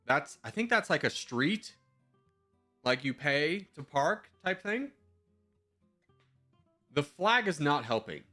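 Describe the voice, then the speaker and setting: A man streaming live, talking through his guesses out loud in a loose, self-mocking way. His voice is bright and forward, and his pitch jumps around a lot. Soft music plays faintly underneath. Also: sing-song, slow pace, long pauses. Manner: thinks aloud, chatty, self-mocking. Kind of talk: casual live-stream commentary.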